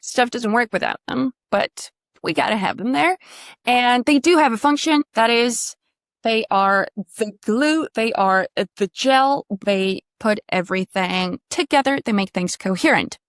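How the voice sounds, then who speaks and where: A woman with a fairly high, animated voice speaks at a measured pace in a studio-quality recording with no echo. She's coaching pronunciation in a casual online lesson, chatty, quizzing her student and swearing now and then.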